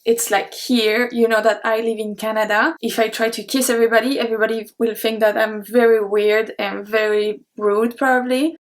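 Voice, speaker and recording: A woman's voice: on the high side, level tone, normal speed, hardly any pauses. A woman who speaks natively, teaching in a chatty way and repeating each word for practice. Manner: chatty, explains with examples and repeats words. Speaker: French teacher. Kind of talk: casual video lesson. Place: home in Canada.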